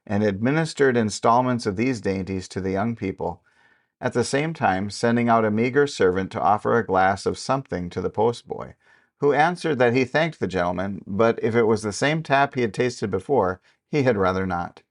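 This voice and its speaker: A man narrating a classic novel as an audiobook, with steady, even-paced storytelling. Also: fairly low pitch, normal speed.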